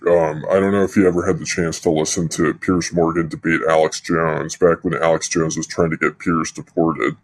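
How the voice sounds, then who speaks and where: A man's voice: extremely low pitch, level tone, moderate pace, hardly any pauses. A man co-hosting a podcast in casual chat, opinionated and full of filler phrases. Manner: opinionated, lots of "you know" fillers. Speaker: podcast co-host.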